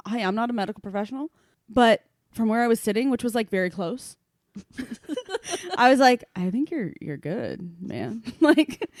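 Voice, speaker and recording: A woman's voice: a little high, a little mellow, no room sound, clean studio sound. A woman co-hosting a casual podcast chat, telling a story and often dropping her voice to a whisper. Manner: often drops to a whisper when telling stories. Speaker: podcast co-host.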